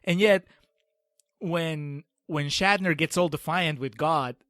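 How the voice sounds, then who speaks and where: A man's voice: a little high, slow, fairly bright tone, dry recording. Chatty man with a dry close sound. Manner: chatty, laughs often. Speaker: podcast co-host. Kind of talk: casual film discussion.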